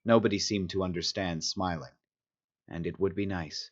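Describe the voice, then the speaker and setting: A man reading a science fiction audiobook in a steady storytelling voice that sits on the low side. The recording sounds dull and lo-fi. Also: normal speed. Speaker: audiobook narrator. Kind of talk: scripted narration of a sci-fi story.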